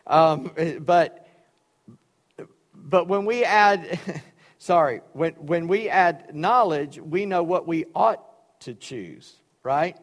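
A man's voice: on the high side, takes it slowly. A man preaching a sermon, reading scripture and explaining it with folksy, joking asides. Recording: long reverb of a large hall.

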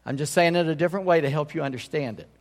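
A man's voice: fairly high pitch, very fast, long reverb tail. A man pastor preaching a sermon in a conversational way, often checking in with his congregation.

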